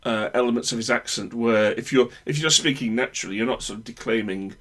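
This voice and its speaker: A Northern English man with a broad accent chats casually, giving his opinions at length and often stopping to restart sentences as he works through his thoughts. His voice is medium-pitched, fast, and a bit bright.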